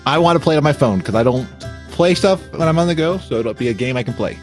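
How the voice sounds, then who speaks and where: A man's voice: fairly high pitch, animated, fast, soft background music. A man on a casual podcast, upbeat and enthusiastic as he chats.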